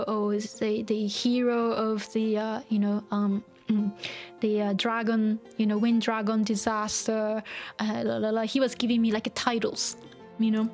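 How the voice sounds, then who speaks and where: A woman's voice: on the high side, a little mellow. A woman teaching a language while streaming a video game, thinking aloud and explaining step by step with lots of fillers. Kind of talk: live-streamed gaming lesson.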